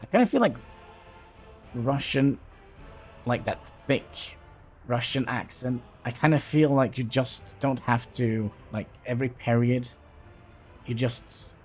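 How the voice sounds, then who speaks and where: A man's voice: mid-range voice, steady tone, slow, soft background music. A man livestreaming a city-building game, talking casually and hesitantly as he thinks aloud. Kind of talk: casual gameplay commentary.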